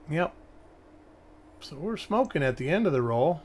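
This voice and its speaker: A man's voice: fairly high pitch, sing-song, unhurried, pauses often. A male host giving casual live-stream commentary, thinking aloud and rambling as he examines coins. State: hiccups.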